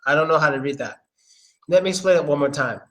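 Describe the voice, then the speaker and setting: A man giving a casual, informal pronunciation lesson, slowly repeating words and swearing now and then. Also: a little high, a bit bright. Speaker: English pronunciation teacher. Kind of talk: casual live-stream lesson.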